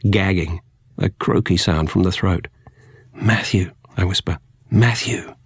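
A man narrates a first-person story in a measured, quiet, unhurried way. His voice is very low and husky, and the recording is dry and close to a studio microphone. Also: little pitch movement, dry recording. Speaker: audiobook narrator.

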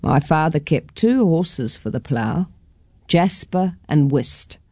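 A gentle old grandmother from a storybook speaks slowly and softly about the past, as a woman reader puts her on. Her tone is mellow and low, in a dry, close recording. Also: lively intonation, husky, no room sound, full character voice. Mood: reminiscing. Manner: slow, soft, reminiscing.

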